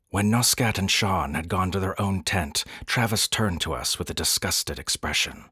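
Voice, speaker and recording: Male narrator for a pulp adventure tale: deep, husky, dry close recording, measured dramatic delivery. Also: bright, forceful tone, dry recording. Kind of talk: scripted narration of a pulp science fiction story.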